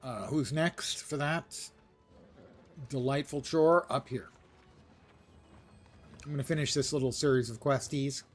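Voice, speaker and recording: A man's voice: medium pitch, steady tone, a little slow, long pauses, soft background music. Wry self-deprecating gaming streamer man. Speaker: livestreamer. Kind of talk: casual gaming commentary.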